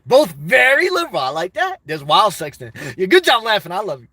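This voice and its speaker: A man with a high, bright voice rambles through a livestream, crude and excitable, jumping from thought to thought. The sound is dry and close, recorded from inside his car. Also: fairly quick, slightly rough, no echo. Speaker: livestream host reading chat. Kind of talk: rambling casual livestream chat.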